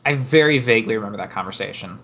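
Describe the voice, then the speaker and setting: A man's voice: fairly low pitch, expressive, racing, fairly bright tone. A man playing a game on a casual stream, thinking aloud about his moves in an easygoing, self-deprecating way. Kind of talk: casual let's-play commentary.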